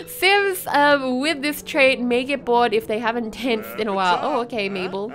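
Woman, high voice, unhurried, excitable and giggly, gameplay commentary, faint music underneath. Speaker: let's play host.

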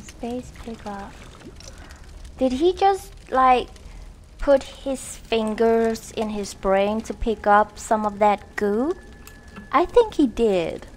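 Slow, expressive and a little mellow, this slightly high female voice belongs to a young woman hosting a gaming channel. She gives relaxed let's-play commentary on a horror game, joking at her own expense and laughing often over a faint hiss or hum.

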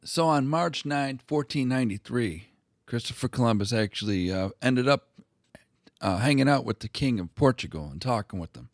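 A man's voice: medium pitch, lively intonation, normal speed, dry recording, studio quality. Irreverent man retelling history crudely. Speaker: history video host. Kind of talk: casual profane history retelling.

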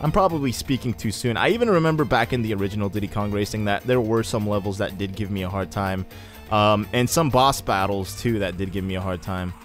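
A young man casually commenting on a racing game as he plays, rambling and chatty with sudden excited bursts. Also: lowish voice, brisk. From Egyptian heritage. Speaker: let's play host. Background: faint game music.

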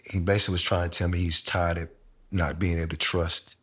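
Middle-aged man, very low and even delivery, reflective casual storyteller. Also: brisk, husky. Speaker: interviewee sharing a personal story. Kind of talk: candid conversation.

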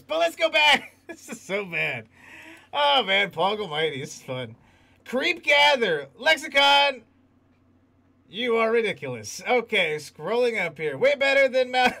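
A man's voice: very high-pitched, gravelly, pushed and bright. A man hosting a livestream, chatting casually, reading the chat aloud and laughing often. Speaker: host.

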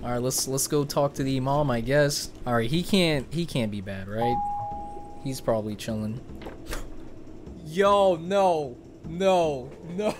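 A man's voice: mid-range voice, expressive, unhurried, over music. A young man giving jumpy, laughing, slang-filled commentary while playing a horror game. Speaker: gaming YouTuber.

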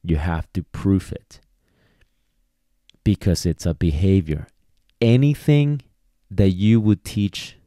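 A man with a low, warm voice teaches dog training alone on a podcast, recorded in a studio with no echo. He talks casually, repeats words as he goes, and acts out bits of quoted dialogue.

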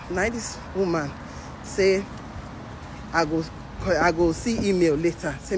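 A Nigerian woman speaking Nigerian Pidgin, telling a story to camera in a lively way and acting out the voices of the people in it. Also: fairly low pitch, normal speed. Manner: animated, acts out the voices of others. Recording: outdoor traffic noise behind.

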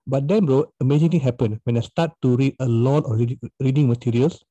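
A man with a medium-pitched, warm, husky voice speaks a little fast on a dull, dry, lo-fi recording. A math teacher hosting a podcast, he holds a casual interview chat, talking hesitantly with many restarts.

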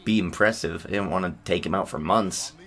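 A man giving excitable, sarcastic commentary over a basketball video game, yelping at big plays. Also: sits low, fairly quick. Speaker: gaming channel host. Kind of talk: gameplay commentary.

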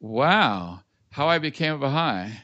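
A man's voice: mid-range voice, measured pace, no echo, dull audio. A man with a mid-range voice tells anecdotes at an easy pace over a video call. The audio is dry and close. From Los Angeles. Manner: relaxed anecdotal storyteller. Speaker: guest, public speaker. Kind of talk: casual interview, storytelling.

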